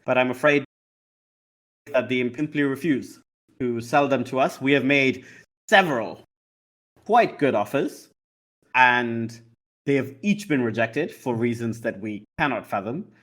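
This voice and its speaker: A man voicing an imperious, smooth-talking male lawyer who speaks in a formal, measured and condescending way. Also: mid-range voice, expressive, fairly bright tone. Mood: confiding.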